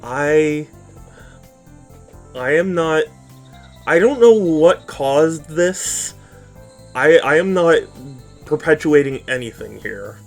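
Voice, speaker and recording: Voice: medium pitch, animated, slow, pauses often, soft background music. A streamer who just woke up, reading a detective game's lines aloud in put-on voices and breaking off to bicker with chat. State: just woken up. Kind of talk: live game stream, reading dialogue aloud.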